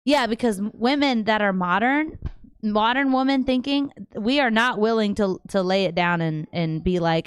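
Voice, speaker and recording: Brief: woman host, smooth clear voice, dry close sound, animated and slangy. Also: mid-range voice, normal speed, no room sound. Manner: chatty, animated, slangy, trails off and restarts. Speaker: livestream host answering viewer questions. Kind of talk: casual live chat. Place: home.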